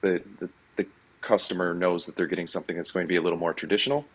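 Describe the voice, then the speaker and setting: Deep-voiced male guest, laid-back and halting, on a call. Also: low-quality recording. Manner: relaxed, hesitant, lots of uh and um. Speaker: brewery guest. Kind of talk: casual interview answers. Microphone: remote call.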